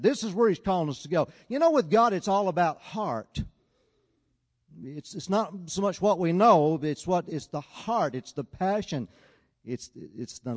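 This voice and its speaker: A man preaching a sermon, telling a story and swinging between loud, urgent appeals and quiet, hushed passages. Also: on the high side, in a large hall.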